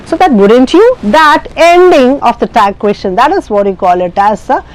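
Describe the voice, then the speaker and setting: Her fairly high, very animated voice moves at normal speed as she teaches an IELTS speaking lesson in class. She has an Indian English accent, explains with frequent fillers and restarts, and the recording is low quality.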